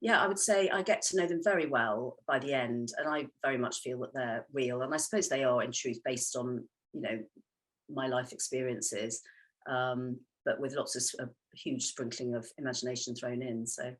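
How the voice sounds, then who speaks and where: A woman talks about her writing in a relaxed interview, with a husky, breathy edge to her voice. She rambles warmly through hesitations and frequent laughs, in a low register. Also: moderate pace. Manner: chatty, hesitant with many ums, laughs often. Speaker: novelist guest. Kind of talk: casual interview chat.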